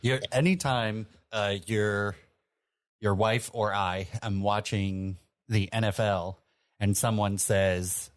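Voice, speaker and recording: A man co-hosting a podcast, giving beer news and predictions in relaxed casual chat. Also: fairly low pitch, slow pace, no echo, studio quality.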